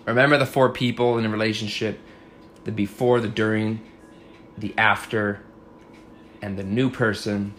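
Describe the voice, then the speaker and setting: A man's voice: lowish voice, level tone, moderate pace, long pauses, fairly bright tone, slight background noise. Profane, frank male podcast host. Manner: frank, profane, advice-giving. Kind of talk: casual chat.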